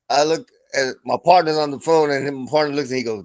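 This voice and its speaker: A man's voice: medium pitch, fast talker, few pauses, no room sound. A middle-aged man hosting a casual livestream chat, telling stories loosely with lots of swearing and laughter. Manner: profane, laughing storyteller. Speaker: stream host.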